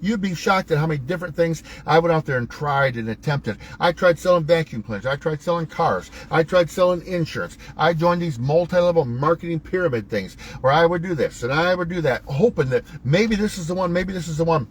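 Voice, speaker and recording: A man's voice: fairly high pitch, expressive, a little fast, few pauses, husky, low-quality recording. A man hosting a motivational talk, coaching viewers in a preachy, emphatic, folksy way with wide swings in his voice. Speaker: host.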